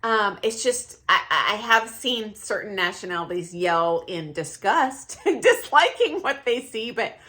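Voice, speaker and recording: A woman's voice: mid-range voice, expressive, a little slow, hardly any pauses, sharp tone. A middle-aged woman who is a ballroom dance professional, talking casually to her viewers in a chatty, hesitant way with frequent fillers and easy laughter. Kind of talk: casual talk to camera.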